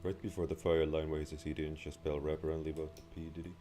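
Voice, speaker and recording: A man's voice: little pitch movement, quick pace, warm tone, faint music behind. A man putting on an accent to voice a laid-back adult man who chimes in with offhand asides. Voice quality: very deep.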